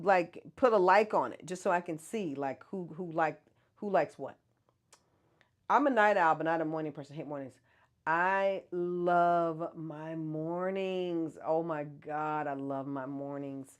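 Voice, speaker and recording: Host, female, low-pitched, chatty livestream delivery. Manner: chatty, answers viewer comments, laughs often. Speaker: host of a hair care brand livestream. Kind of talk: casual livestream chat.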